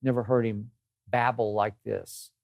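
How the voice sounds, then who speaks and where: A man's voice: fairly low pitch, fairly even intonation, measured pace, gravelly, no room sound, clean studio sound. An older man hosting his own sports show, delivering an emphatic, exasperated opinion monologue and repeating phrases for effect. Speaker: host.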